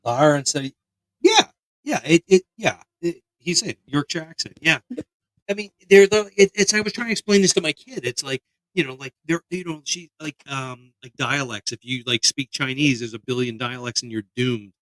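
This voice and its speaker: A man from the area, hosting a casual podcast chat in a profane, rambling, animated way. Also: a little high, normal speed, no room sound, low-quality recording. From Philadelphia area, US. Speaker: podcast host.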